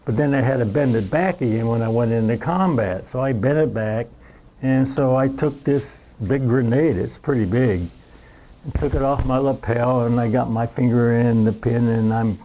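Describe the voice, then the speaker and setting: Elderly male veteran, mellow darkish tone, meandering storyteller who plays out the moments. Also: medium pitch, moderate pace, low-quality recording. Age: 90s. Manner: rambling storyteller who acts out the scenes. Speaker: veteran recounting war memories. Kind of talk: spoken war reminiscence at a roundtable.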